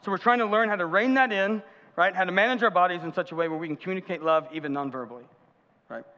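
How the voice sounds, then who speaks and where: Speaking quickly in a high, bright, forceful voice, a man preaches a conversational sermon as pastor. Humorous asides and audience questions punctuate it, heard through the muffled reverb of a church sanctuary.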